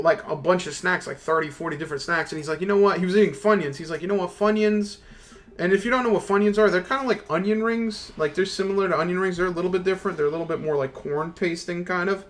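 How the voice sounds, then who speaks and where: Young male streamer, slightly high voice, animated profane rants at the desk mic. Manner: animated, profane, slangy ranting. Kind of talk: casual gaming stream rant.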